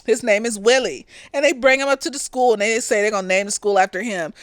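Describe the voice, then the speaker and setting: A woman's voice: a little high, fast, no room sound. A young woman chatting casually through a TV review. She laughs often, swears, and acts out the characters in quoted voices. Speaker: reviewer of a TV show. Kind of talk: casual tipsy review chat.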